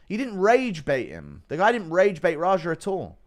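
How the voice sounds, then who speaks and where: Brit male streamer, lively up-and-down delivery, loose and profane, thanks donors between rants. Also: high voice, moderate pace. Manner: animated, swears casually, reads donations aloud. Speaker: livestreamer reading chat. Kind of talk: casual livestream chat.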